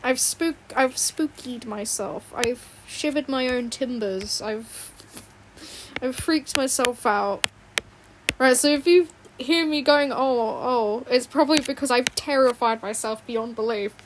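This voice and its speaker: Giggly high-voiced woman streamer, fan humming. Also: a little slow. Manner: rambling, giggly, apologetic. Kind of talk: casual livestream chat while drawing. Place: home bedroom. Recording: fan noise in background. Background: fan hum.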